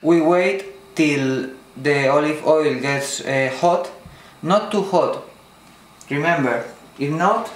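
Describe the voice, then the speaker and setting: Slow Spanish-accented man teaching a recipe. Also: on the high side. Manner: slow, careful, non-native phrasing with fillers. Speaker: cooking channel host. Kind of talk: step-by-step cooking demonstration. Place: home kitchen. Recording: echoey kitchen with sizzling pan.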